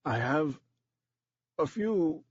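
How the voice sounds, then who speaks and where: A man voicing a pale, dying male film actor who speaks weakly and haltingly, in a dry, slightly dull recording. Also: a little high, lively intonation, slightly rough, no echo, pitched above the performer's own voice, exaggerated voice. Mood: feeble. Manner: weak, faltering.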